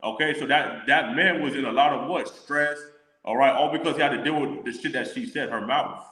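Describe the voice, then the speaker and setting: A man leading a casual religious discussion, reading scripture slowly and deliberately. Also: mid-range voice, bright, forceful tone. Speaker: scripture teacher. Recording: echoey room with long reverb.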